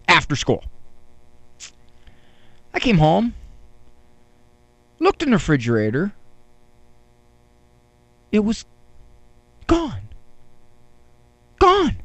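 A man telling a wry, deadpan story in a monologue, with dramatic pauses, as a counselor. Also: high voice, dry recording. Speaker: counselor and speaker.

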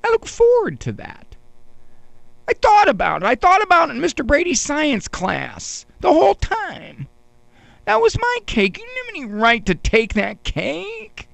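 A sensitive young boy whines and grovels, his voice quivering as he begs, a man acting him out. The pitch climbs high and swings widely between phrases. The sound is close and dry. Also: wildly swooping pitch, takes it slowly, long pauses, dry recording, full character voice. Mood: whining. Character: whiny, pleading young boy.

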